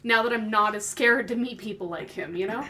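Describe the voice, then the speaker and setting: Chatting casually on a podcast she co-hosts, this woman spins stories at a fairly quick clip in a medium-pitched voice, animatedly performing other people's quotes.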